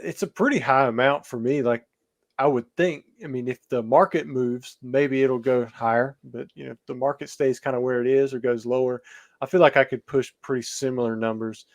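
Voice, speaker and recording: A man's voice: medium pitch, steady tone, fairly quick. Rambling man talking shop as a guest. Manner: rambling, hedging with many fillers. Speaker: podcast guest, card seller. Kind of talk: podcast interview.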